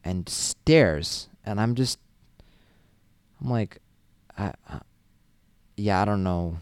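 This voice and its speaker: In a dry, studio-quality recording, a young man speaks slowly with a fairly low, darkish, smooth voice. He's a college student from Massachusetts sharing casual stories for a vlog, chatty and meandering, full of fillers and restarts.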